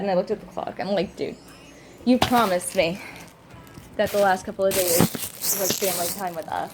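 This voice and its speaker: A woman's voice: medium pitch, a little mellow, a little hiss or hum. A woman who is a mother, talking casually at home in a vlog, venting and acting out people in her stories. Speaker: vlogger and mother. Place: at home, indoors.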